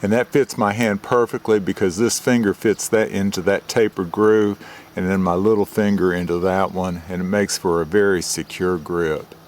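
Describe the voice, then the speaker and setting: Older man, low pitch, methodical hobbyist reviewer, outdoor camera-mic audio. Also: steady tone. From United States. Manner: plain, methodical, explains details slowly. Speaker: retired forester reviewing knives. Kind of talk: show-and-tell knife review.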